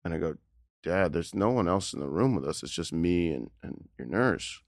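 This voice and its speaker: A man in his forties, a comedian guest, telling a personal story in candid conversation, emotional and halting with many restarts. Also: sits low, animated, dry recording, studio quality.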